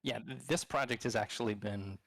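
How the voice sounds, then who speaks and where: A man's voice: lowish voice, fairly quick, fairly bright tone, no room sound. Easygoing man chatting, dry sound. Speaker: game developer co-host. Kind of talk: casual chat.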